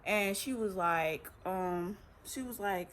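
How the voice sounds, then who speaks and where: A woman's voice: medium pitch, takes it slowly, slight background noise. A teenage girl, telling her own story casually as a vlogger and acting out what people said. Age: teens. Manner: chatty, animated retelling with acted quotes.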